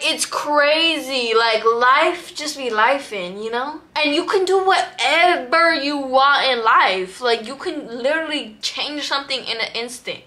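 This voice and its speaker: A tipsy woman in her twenties talks to her phone camera while doing her makeup at home. Her voice sits high and bright, and she rambles in a loose, giggly way, packed with slang and swearing. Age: 20s. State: tipsy, drunk. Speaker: vlogger. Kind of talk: drunk get-ready-with-me chat.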